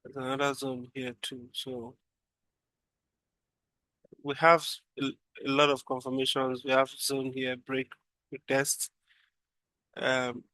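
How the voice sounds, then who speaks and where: A man's voice: medium pitch, pushed and bright, no echo. A man casually walking through a trading chart, thinking aloud and repeating phrases as he goes. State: yawning, drowsy. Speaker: trading analyst.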